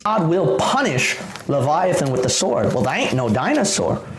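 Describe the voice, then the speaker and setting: A man preaching and explaining scripture with insistent emphasis, his voice a bit high for a man. The recording echoes around the room and has background noise under it. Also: very animated, normal speed. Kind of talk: Bible teaching lecture.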